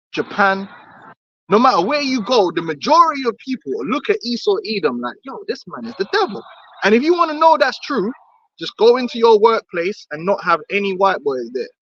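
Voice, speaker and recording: A man's voice: high-pitched, sharp tone. A man in heated religious discussion, blunt and swearing, mimicking other voices. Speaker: podcast co-host. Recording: dull lo-fi dry recording.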